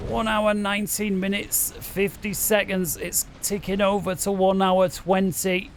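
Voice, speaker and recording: A man commentating a strategy game match with rising excitement, urging the players on and bouncing in his chair at a desk microphone. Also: high-pitched, unhurried, a little hiss or hum.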